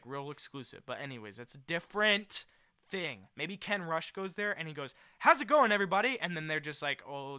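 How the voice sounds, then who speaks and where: An excitable young man chats casually to his viewers in slangy talk. His voice is a little high, bright and crisp. The recording is dry and close. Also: dry recording. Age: young adult. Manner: excitable, slangy, quick swings in loudness. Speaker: vlogger. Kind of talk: casual chat.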